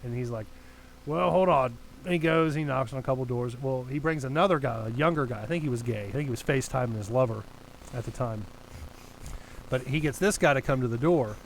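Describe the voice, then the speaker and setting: A young man spins a rambling, profane story for his podcast co-hosts, and his voice sits at an ordinary middle pitch. A faint hiss of background noise runs under the recording. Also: a little fast, poor audio. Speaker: podcast co-host. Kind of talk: casual storytelling chat.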